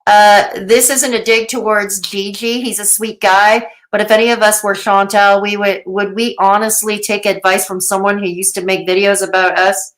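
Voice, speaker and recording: A woman's voice: mid-range voice, flat delivery, moderate pace, few pauses, fairly bright tone. A woman hosting a live commentary stream, reading chat aloud in a sarcastic, chatty way and laughing often. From Canada. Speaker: commentary livestream host.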